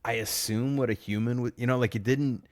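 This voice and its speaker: A man's voice: mid-range voice, steady tone, a little fast, dry recording. A man co-hosting a podcast, telling rambling stories in casual chat and laughing often. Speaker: podcast co-host.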